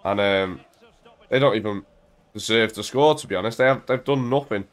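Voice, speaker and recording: A young man casually commentating on his own football video game at home into a desk mic, full of banter and bursting into shouts when his team scores. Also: on the low side, normal speed. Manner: excitable, banter-filled, shouts at goals. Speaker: gaming YouTuber.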